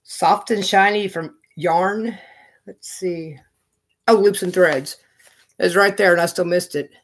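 A man's voice: sits high, takes it slowly. A man chatting casually as he opens fan mail on his knitting vlog, gushing and thinking aloud. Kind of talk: casual unboxing chat.

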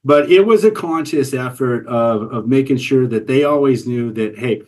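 Earnest forties man, podcast guest, mid-pitched voice, stumbling restarts. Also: normal speed, a little mellow. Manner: earnest, repeats words as he talks. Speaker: podcast guest, business coach and father. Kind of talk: casual interview conversation.

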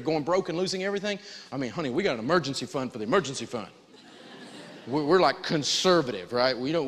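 A man teaching a live personal finance lesson in a folksy, animated way, prompting the audience to answer back. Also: a little high, long reverb tail, slight background noise.

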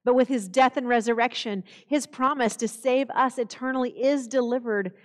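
A woman pastor preaching a sermon in a church, slow and solemn, quoting scripture. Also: on the high side, steady tone, in a large hall. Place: church sanctuary.

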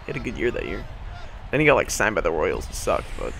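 A young man with a hoarse morning voice, hosting casual video game commentary, rambling with lots of fillers and the odd swear. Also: lowish voice, sing-song, fast talker, a bit bright, some chatter behind, slight background noise. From Boston area. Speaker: gaming channel host.

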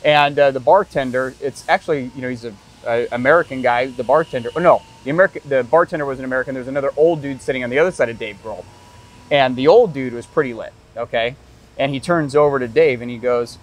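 A man interviewing a guest, telling anecdotes with animated impressions of the people in them. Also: mid-range voice, fast, rough recording. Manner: animated anecdote teller, acts out voices. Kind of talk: casual interview chat.

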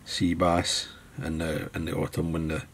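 A man with a Scottish accent narrates a fly-tying tutorial from his tying desk, easygoing and thinking aloud as he works. His voice rumbles low in a monotone at a moderate pace. A faint hiss or hum sits under the recording.

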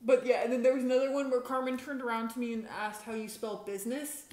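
A woman's voice: fairly high pitch, fairly even intonation, fast talker, darkish tone. Young woman, rambling, in an echoey room. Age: young adult. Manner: rambling storyteller, full of "like" and restarts. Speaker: vlog host. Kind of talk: casual chat. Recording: echoey room, faint hiss.

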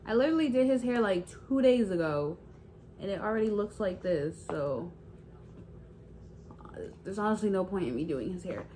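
A woman's voice: mid-range voice, animated, moderate pace, pauses often, warm tone, slight background noise. A woman in a casual vlog, playfully scolding a toddler and talking to viewers. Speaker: parent vlogger. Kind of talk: casual prank vlog talk.

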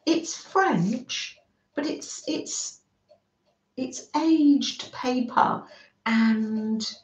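A British woman hosting a live craft stream, warmly welcoming viewers by name and chatting as she works. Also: on the high side, reverberant, poor audio. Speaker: craft livestream host.

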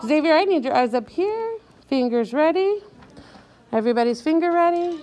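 A woman teacher leading a reading lesson for young children, talking slowly and clearly and drawing out each word patiently. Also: high-pitched, expressive, a little mellow.

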